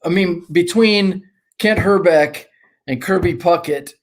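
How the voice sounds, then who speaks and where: A middle-aged man, a former ballplayer and guest, telling rambling, animated anecdotes in casual conversation. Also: sits high, slow pace. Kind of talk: casual storytelling.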